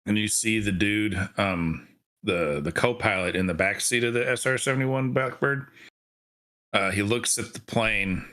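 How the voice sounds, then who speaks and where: A man with a low but bright, forceful voice talks eagerly on a casual podcast among friends. His sentences are full of "like"s as he builds up his story. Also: a little slow. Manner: enthusiastic, says "like" a lot. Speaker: podcast co-host.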